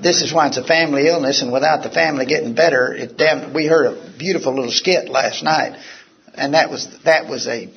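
Gravelly man giving a candid recovery talk. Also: mid-range voice, brisk. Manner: candid, conversational, acts out quotes. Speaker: physician speaker. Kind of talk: recovery talk to a live audience. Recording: dull lo-fi talk recording with faint hiss.

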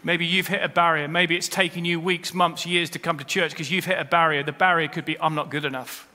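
Bright-voiced pastor preaching in a reverberant church. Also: male voice, fairly high pitch, fairly even intonation, fairly quick. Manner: preaching with rising emphasis and quoted scripture. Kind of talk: sermon. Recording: long hall reverb.

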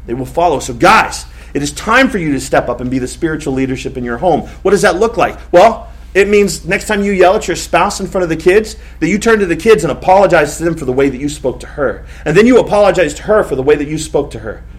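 A pastor in his thirties preaching a sermon in a lively, conversational way, often repeating himself. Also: on the high side, fast talker, hardly any pauses. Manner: animated, conversational preaching with repetitions.

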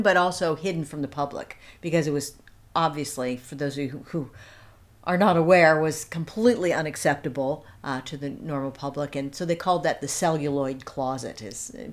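A woman telling a story in casual conversation as an interview guest. She rambles, restarts sentences and adds asides, and turns animated and amused at times. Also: low-pitched.

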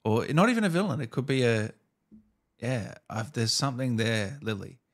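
A man's voice: mid-range voice, animated, moderate pace. A man hosting an interview, asking loose, friendly questions and laughing easily. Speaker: host. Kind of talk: casual interview chat.

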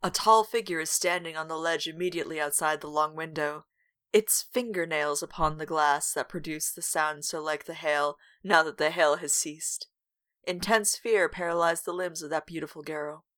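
Woman reading gothic horror aloud, lowish voice. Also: normal speed, a bit bright, smooth. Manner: dramatic read-aloud broken by wry asides.

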